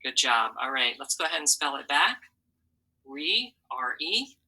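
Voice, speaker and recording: A woman's voice: low voice, sing-song, measured pace, pushed and bright, husky, low-quality recording. A woman teaching a phonics lesson to children, patiently sounding out letters and syllables and encouraging them.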